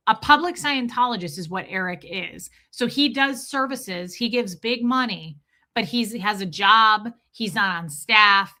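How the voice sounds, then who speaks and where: A woman's voice: mid-range voice, bright, forceful tone. A woman hosting a casual livestream, chatting emotionally and reading out viewer comments, with frequent restarts.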